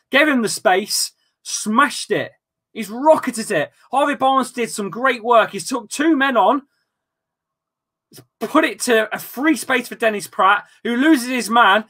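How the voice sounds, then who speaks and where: A man hosting a football watchalong, commentating live with loud outbursts, swearing and casual banter with friends. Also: sits high. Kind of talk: excitable live match commentary.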